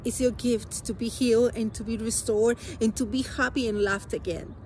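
A woman's voice: a little high, steady tone, a little mellow, a little hiss or hum. Earnest woman. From Spanish-speaking country. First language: Spanish. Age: adult. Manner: earnest, halting, emotional storytelling. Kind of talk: personal testimony.

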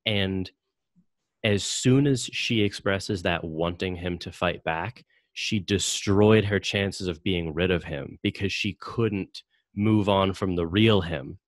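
Male podcast host, deep voice, dry close sound, halting casual delivery full of fillers. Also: no room sound. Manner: hesitant, many fillers and restarts. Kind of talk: casual conversational discussion.

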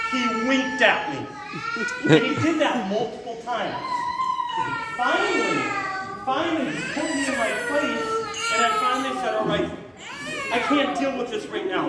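A man giving a live talk as a raptor handler to an audience, an animated storyteller who acts out the voices and shouts in his story. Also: very high voice, noisy background. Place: hotel event room with an audience. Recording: echoey hall, far from the mic, crowd audible.

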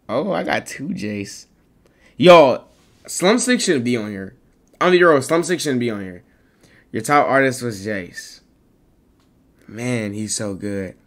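A young man streaming live, reacting in a casual, rambling way, protesting over and over with excitable energy. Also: mid-range voice.

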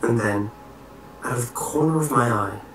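A man narrating a scripted horror story in a slow, measured way. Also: medium pitch, a bit bright. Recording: roomy echo, faint hiss.

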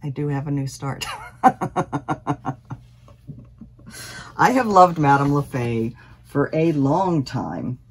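Low-voiced chatty woman vlogger. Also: animated, takes it slowly, long pauses, a little hiss or hum. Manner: rambling, self-deprecating, chatty with fillers. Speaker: cross stitch vlogger. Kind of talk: casual chatty vlog.

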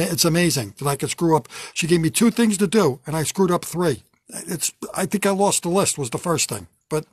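Brief: older male comic, husky, fairly high voice, whiny self-mocking rant, dry close sound. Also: dry recording. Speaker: comedian. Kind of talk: stand-up comedy monologue. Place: home basement.

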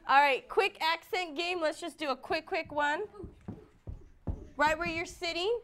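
A woman with a very high-pitched voice, speaking a little slowly, leads a children's dance class. She counts beats aloud and praises the kids warmly, sometimes loud and sometimes hushed.

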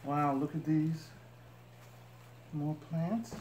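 A woman's voice: low-pitched, slow. A woman vlogger chatting to her viewers as she unpacks boxes and shows each item. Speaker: couponing vlogger. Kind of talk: casual unboxing narration. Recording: echoey room with noise.

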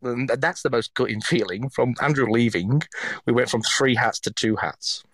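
A middle-aged man from England with a Yorkshire accent, a chef chatting as an interview guest, telling animated stories and swearing freely. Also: medium pitch, normal speed, breathy edge, dry recording. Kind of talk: casual interview chat.

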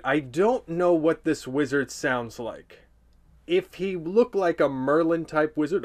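A man's voice: on the high side, slow pace, darkish tone. A man reading a children's storybook aloud for comedy, with sarcastic, playful asides.

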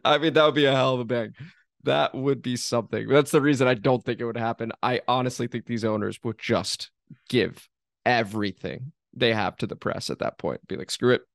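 Male podcast host, mid-pitched, dry close recording, relaxed reasoning with laughs. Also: brisk, creaky, no echo. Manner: conversational, chuckling, uses analogies. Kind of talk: casual sports podcast chat.

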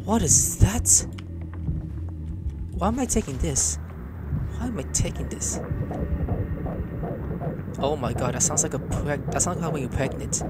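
A man's voice: mid-range voice, moderate pace, long pauses, very noisy. A man doing let's play commentary, exclaiming and swearing at what happens on screen. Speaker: gaming YouTuber.

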